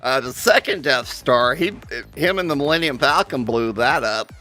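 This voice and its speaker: A man's voice: mid-range voice, lively intonation, normal speed, sharp tone, soft background music. A man chatting casually on a podcast, blunt and enthusiastic, swearing a lot. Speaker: podcast co-host. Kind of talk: casual chat.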